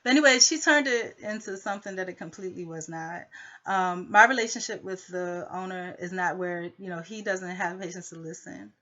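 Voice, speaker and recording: A woman's voice: lowish voice, brisk, fairly bright tone, highs cut off. A woman rambling through a personal conflict story, full of filler phrases.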